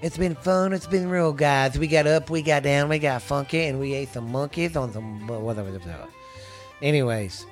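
A man's voice: fairly high pitch, normal speed. Man from Texas hosting a podcast, loose and profane, faint music behind. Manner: rambling, profane, restarts often. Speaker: podcast host. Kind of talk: casual podcast chat.

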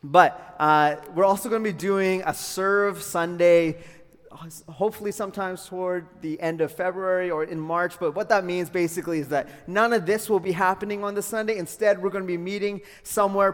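A young adult man from Calgary, preaching a sermon as pastor in an upbeat, friendly way with joking asides. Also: a little high. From Calgary, Canada. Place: school hall used for church. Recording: long hall reverb.

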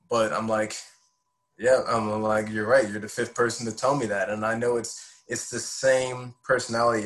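A man's voice: fairly low pitch, poor audio. A man in his twenties, a podcast guest, telling his faith story in an earnest, heartfelt way. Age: 20s. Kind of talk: personal faith testimony.

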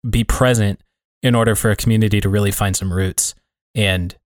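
A podcast co-host talks in a casual conversation, reflective and rambling, with lots of fillers. His voice is on the low side with fairly even intonation and a brisk pace, in clean studio sound with no room noise.

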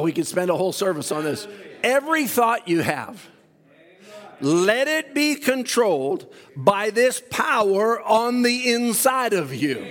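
Male preacher, high voice, fervent, shouts and stretches lines, church reverb. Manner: fervent, shouting and drawing out phrases. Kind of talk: sermon. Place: church sanctuary.

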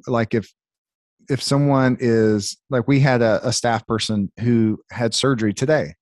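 A man's voice: mid-range voice, a little mellow, dry recording, clean studio sound. Chatty Southern man hosting a podcast. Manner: friendly, chatty, many fillers. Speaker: podcast host and business leader. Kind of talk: casual podcast conversation.

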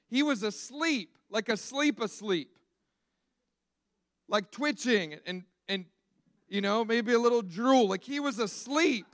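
A man preaching a sermon in an animated storytelling way, acting out the quotes he tells. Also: high voice, vocal fry, no echo.

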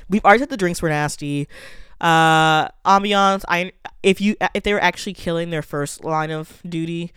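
A speaker giving a blunt, sassy, profane restaurant review in a casual monologue, spelling out menu names slowly. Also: mid-range voice, clear, resonant tone, no echo, clean studio sound.

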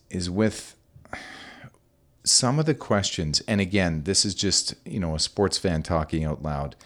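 Brief: low-pitched middle-aged man, podcast host, loose and friendly, hesitant delivery. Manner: rambling, friendly, lots of hesitations. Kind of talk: casual interview.

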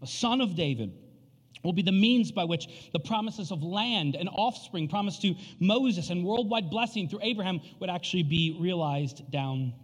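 A man in his thirties preaching a sermon, telling a family story in an animated, casual way with frequent fillers. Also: high voice, normal speed. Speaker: pastor. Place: church sanctuary. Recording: long reverb of a church hall.

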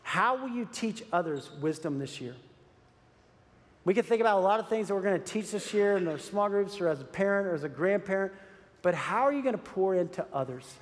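A man's voice: sits high, lively intonation, brisk. Man, pastor, sermon, earnest, urging, repeats phrases, church sanctuary, long echo. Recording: long reverb of a large hall.

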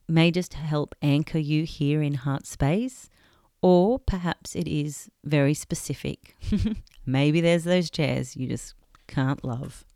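A woman leading a guided meditation, speaking in a gentle, soothing and unhurried way with long pauses. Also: sits low, dry recording, studio quality. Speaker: meditation guide and podcast host.

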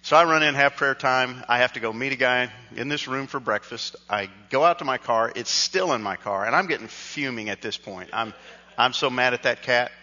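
A man's voice: mid-range voice, normal speed, sharp tone. A man, a pastor telling a self-deprecating personal story in a conversational sermon. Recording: dull sound with long hall reverb.

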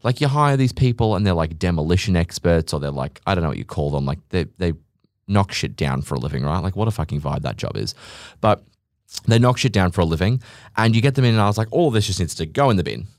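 A man's voice: fast, no room sound, studio quality. Podcasthost, Australische man, lage stem, sarcastisch tierend en vloekend, droge opname. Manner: sarcastic, ranting, swears freely; animated, mimics others in high voices. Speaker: podcast host, business owner. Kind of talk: casual podcast monologue.

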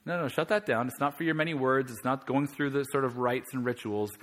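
A male pastor preaching a sermon, telling the scripture story with animated energy and climbing louder as he reads it aloud. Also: mid-range voice, brisk.

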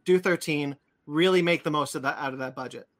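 Bright-voiced man rambling casually. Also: on the high side, fairly quick. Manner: rambling, many fillers and restarts. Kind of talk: casual chat about comics and cartoons.

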